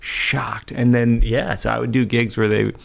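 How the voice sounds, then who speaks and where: A man hosting a podcast, a comedian working out a stand-up bit in conversation with a wry, deadpan delivery. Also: medium pitch, moderate pace, creaky.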